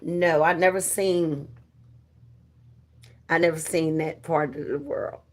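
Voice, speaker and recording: Woman chatting on her live, slow and easygoing, playful with the chat. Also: low-pitched, fairly even intonation. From New Jersey. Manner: chatty, playful, greeting viewers by name. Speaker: livestreamer. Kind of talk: casual live-stream chat.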